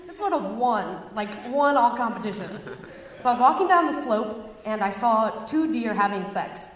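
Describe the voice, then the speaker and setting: A woman's voice: a little high, animated, moderate pace. A young woman performing a rambling, self-aware stand-up comedy set on a live stage. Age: young adult. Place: live stage before a laughing audience. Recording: echoey hall, far mic, crowd laughter, noise.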